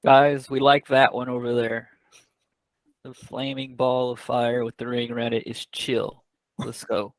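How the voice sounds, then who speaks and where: A man's voice: mid-range voice, little pitch movement, unhurried, no echo, low-quality recording. A man playing a tabletop game, describing his character's actions and cracking jokes. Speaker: player.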